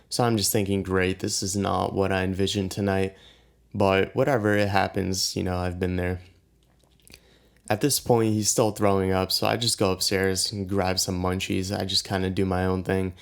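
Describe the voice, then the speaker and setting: Young male storyteller, deep and clear-voiced, relaxed slangy vlog delivery. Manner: laid-back, slangy, profane. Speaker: storytime vlogger. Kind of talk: casual storytelling to camera.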